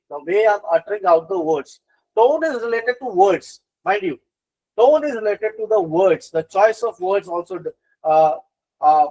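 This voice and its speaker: Over a rough recording, a middle-aged male instructor with a slightly higher-than-usual voice delivers a live online lecture on business communication. He's animated, keeps circling back over his points and repeating phrases, and fills pauses with frequent fillers.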